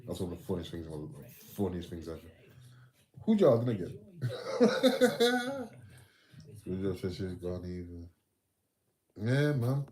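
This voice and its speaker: A man's voice: sits low, a little fast, mellow, poor audio. A man from England, bantering with viewers on a casual livestream in sweary, slangy chat. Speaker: livestream host. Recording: music playing behind the voice.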